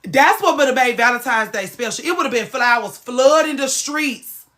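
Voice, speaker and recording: A woman's voice: sits high, moderate pace, fairly bright tone. A woman hosting a casual livestream, ranting with plenty of swearing and greeting viewers by name. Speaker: livestream host.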